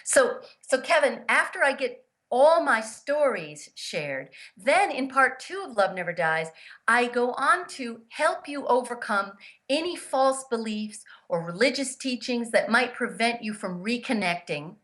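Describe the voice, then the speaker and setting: A woman's voice: on the high side, measured pace. A woman telling personal stories as a guest in an interview, earnest and emphatic, acting out the voices of the people she quotes. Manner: lively storyteller who acts out the voices of the people she quotes. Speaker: guest, grief therapist and author.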